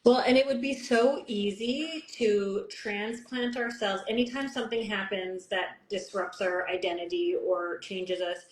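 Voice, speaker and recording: A woman's voice: mid-range voice, a little slow, hardly any pauses. A Canadian woman hosting a podcast, telling personal stories openly in a casual, chatty way with lots of "like". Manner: open, personal storytelling with frequent "like". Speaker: podcast host. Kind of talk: casual conversation. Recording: roomy echo, faint background noise.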